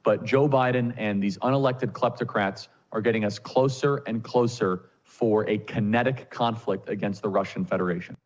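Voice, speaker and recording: Forceful man firing rhetorical questions. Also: on the low side, moderate pace, few pauses, muffled recording. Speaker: political commentator guest. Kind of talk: political interview talk.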